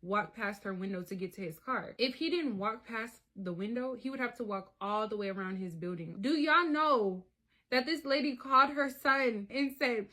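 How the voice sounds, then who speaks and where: Animated woman telling a story. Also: a little high, normal speed. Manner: animated, profane, addresses viewers as y'all. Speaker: storyteller vlogger. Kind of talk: casual story time.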